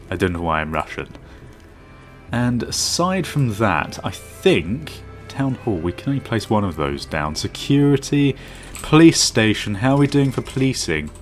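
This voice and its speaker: Game commentator, male, lowish voice with lively swings, chatty and self-mocking, soft music under him. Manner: thinks aloud, self-mocking asides. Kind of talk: casual let's-play commentary. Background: faint background music.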